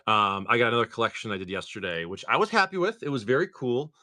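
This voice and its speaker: A man hosting a live stream, chatting casually and excitedly to viewers as he opens card packs. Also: mid-range voice, fast talker.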